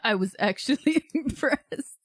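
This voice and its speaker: A woman's voice: sits high, lively intonation, measured pace, no room sound, studio quality. A woman from California streaming live, thinking aloud in a hesitant way and laughing at herself. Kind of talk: casual livestream chat.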